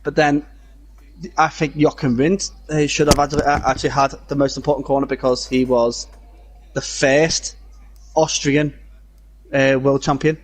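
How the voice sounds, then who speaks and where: A man's voice: medium pitch, flat delivery, a little slow, long pauses. A man co-commentating a live online racing league, giving trivia and correcting his partner.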